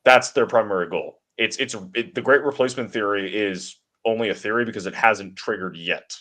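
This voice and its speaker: A man with a fairly low voice delivers long, assertive political commentary as co-host of a talk stream. He talks in a steady flow and seldom stops. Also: fairly quick.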